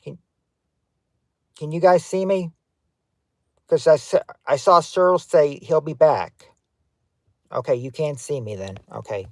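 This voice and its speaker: Halting man hosting a game stream. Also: a little high, dry recording. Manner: halting, hunts for words with many fillers; gives clues to players, talks to chat. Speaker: livestream game host. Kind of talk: casual livestream game hosting.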